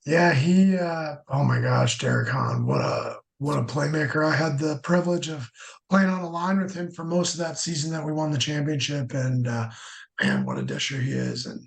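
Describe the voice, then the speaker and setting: A man's voice: on the high side, big pitch swings, normal speed, vocal fry. A middle-aged former hockey player, a man, chatting easily as a podcast guest. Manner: easygoing, many fillers. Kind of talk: casual chat.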